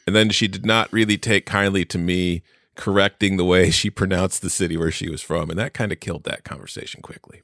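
A man's voice: low-pitched, fairly even intonation, quick pace, a bit bright, no room sound, studio quality. A man hosting a casual sports podcast, talking in long rambling questions with joking asides. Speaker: podcast host.

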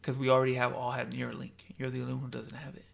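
A man co-hosting a casual podcast chat, rambling through made-up scenarios, saying "dude" constantly and dropping into hushed voices. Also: mid-range voice, completely flat delivery, racing, gravelly. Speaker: podcast co-host.

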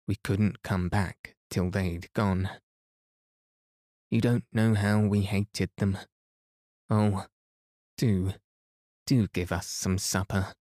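A man's voice: low-pitched, flat delivery, takes it slowly, pauses often, darkish tone, dry recording, studio quality. A man voicing an earnest young girl in a storybook reading. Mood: pleading. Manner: pleading, earnest.

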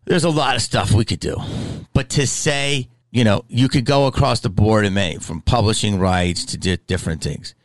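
A man's voice: on the low side, moderate pace, no room sound, low-quality recording. A middle-aged man in casual chat, rambling and profane, with many restarts.

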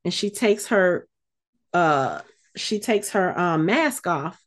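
Animated woman retelling a story. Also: fairly low pitch, slow. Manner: animated storyteller, acts out quotes. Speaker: podcast co-host. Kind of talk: casual podcast recap.

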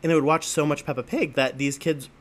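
A man's voice: on the high side, fairly even intonation, fast. Rambling, laughing male podcast storyteller. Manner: rambling, laughing storyteller, heavy on filler words. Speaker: podcast co-host. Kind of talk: casual podcast chat.

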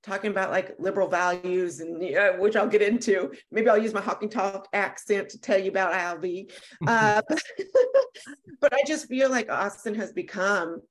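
A woman talking casually as a guest on a live-stream chat, chatty, with restarts and quick laughs. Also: medium pitch. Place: Austin, Texas.

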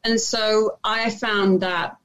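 Woman, British accent, actress guest, chatty, hesitant restarts, mid-pitched. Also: fairly even intonation, slow, a bit bright, low-quality recording. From England. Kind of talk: casual interview chat.

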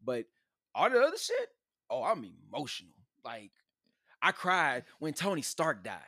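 A man in casual chat, telling animated, slangy stories and laughing often. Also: a little high, a little slow, dry recording, clean studio sound.

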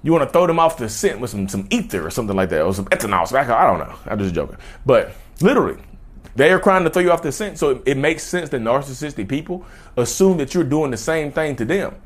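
A man's voice: medium pitch, very animated, fast. A man vlogging in a casual, rambling way, often restarting phrases and speaking straight to his viewers. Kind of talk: casual direct-to-camera talk.

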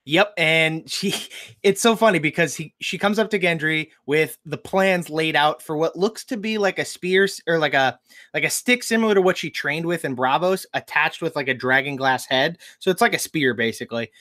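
A young man with a slightly high voice talks about a show with enthusiasm and laughs easily as he quotes the characters. The sound is dry and close, with no room echo. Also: moderate pace, bright, forceful tone. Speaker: podcast co-host. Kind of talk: casual chat.

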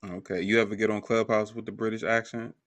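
Deep laid-back man hosting. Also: level tone, fast talker, a bit bright, no echo. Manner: laid-back, joking, lots of "you know". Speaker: podcast host. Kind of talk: casual podcast interview.

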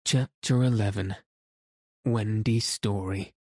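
Man reading a kids' classic audiobook, low mellow voice, slow and steady. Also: dry recording, studio quality. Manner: measured, unhurried storybook reading. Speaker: audiobook narrator. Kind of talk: scripted narration of a children's classic.

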